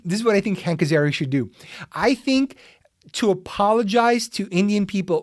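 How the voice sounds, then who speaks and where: A man's voice: sits high, dry recording, studio quality. A man hosting a comedic solo podcast, rambling and sarcastic, with many fillers and restarts and chuckles at his own jokes. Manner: drifts into tangents and laughs at his own jokes. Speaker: podcast host.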